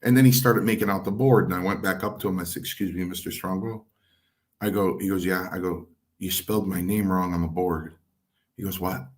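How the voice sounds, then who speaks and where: A man's voice: low voice, a little fast. A middle-aged man, a former pro wrestler, telling stories in an interview and acting out the dialogue. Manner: animated storyteller acting out quoted dialogue. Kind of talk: shoot interview storytelling.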